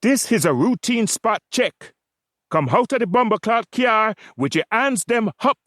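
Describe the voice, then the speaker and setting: Recorded in clean studio sound with no room echo, a man pushes his high, fairly bright voice up to play a blustering Jamaican police sergeant. With a Jamaican accent, lively intonation and a measured pace, he commandingly barks orders and insults and mocks the men he stops.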